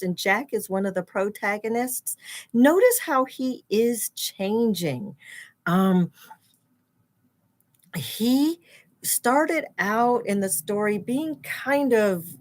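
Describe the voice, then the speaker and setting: A woman teaching children as she reads a picture book aloud, explaining words and gasping and exclaiming at the pictures. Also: fairly high pitch. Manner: animated, explains terms, gasps and exclaims at pictures.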